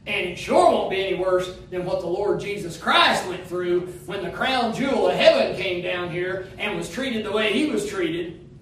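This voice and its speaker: In an echoey church sanctuary, captured by a distant mic, a man preaches with emphasis as his ascending phrases turn half-sung. His high, fairly bright voice keeps a moderate pace, with slight background noise.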